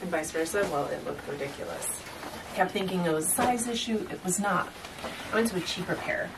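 A woman's voice: on the low side, animated, brisk, vocal fry, far from the mic, noisy background. A woman chatting casually in a home vlog, rambling and laughing often as she shows off her purchases. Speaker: fitness vlogger showing purchases. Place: at home, indoors.

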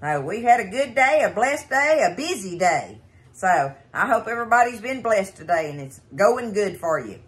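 A woman's voice: mid-range voice, big pitch swings, moderate pace. A middle-aged woman with a Texan accent, hosting a home cooking show in a folksy, chatty way and talking to viewers as y'all. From Texas. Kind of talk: casual home cooking demonstration.

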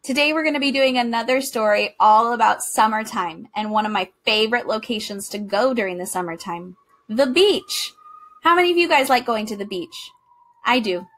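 Breathy, bubbly storytime woman. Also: a little high, moderate pace. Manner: bubbly, expressive, talking directly to kids. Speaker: children's storytime host. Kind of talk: reading a picture book aloud to children.

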